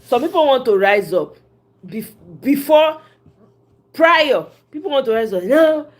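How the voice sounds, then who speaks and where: A woman with a Nigerian accent hosts casual political commentary, switching freely into Pidgin with a lively, emphatic flow. Her voice sits a little on the high side. She laughs easily between points. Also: unhurried. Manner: animated, mixes Pidgin, laughs often.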